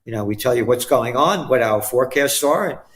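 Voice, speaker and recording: A man's voice: medium pitch, animated, moderate pace, a bit bright. Blunt older New York man hosting. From the Bronx, New York. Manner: blunt, rambling, emphatic. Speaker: guest host. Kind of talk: casual talk show chat.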